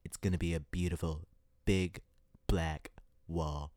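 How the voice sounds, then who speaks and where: A man's voice: sits low, fairly even intonation, a little slow, darkish tone, dry recording, clean studio sound, voice pushed down. A man putting on an impression of a boastful older male politician who repeats grand, vague promises. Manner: repetitive bragging promises.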